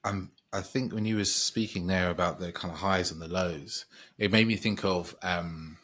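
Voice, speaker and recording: A man's voice: sits low, fairly even intonation, moderate pace, a bit bright. A man speaking as a podcast guest, thoughtful and meandering, often restarting his sentences as he reflects. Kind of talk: reflective conversational chat.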